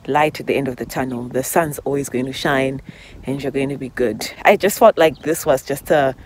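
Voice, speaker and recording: A woman's voice: very deep voice, normal speed, darkish tone, slight background noise. A woman vlogger talking heart to heart while walking outdoors, emotional and rambling, sometimes laughing through tears. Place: outdoors on a walk in public.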